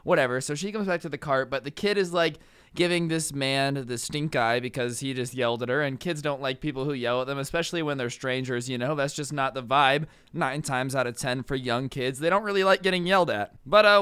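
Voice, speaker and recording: A man's voice: mid-range voice, fairly bright tone, clean tone, no room sound. A young man casually telling a funny story over gameplay, chatty with lots of fillers, acting out the people in it. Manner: chatty, filler-heavy, acts out quoted people. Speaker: storytime vlogger.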